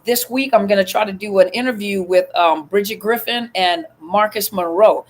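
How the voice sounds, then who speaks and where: A woman hosting a casual livestream from her phone, chatting with viewers, greeting them by name and filling pauses with lots of ums. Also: mid-range voice. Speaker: livestream host.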